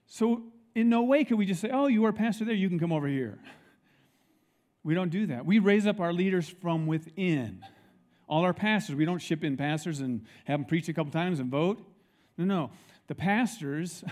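A middle-aged male pastor preaching a sermon in a church, telling stories with lively acted-out quotes. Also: fairly high pitch. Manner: animated storytelling, acts out quoted people.

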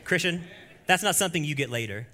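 A male pastor preaching a sermon to his congregation, moving between quiet, low passages and loud, high bursts. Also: quick pace. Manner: animated preaching that swings from hushed to loud and high. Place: church.

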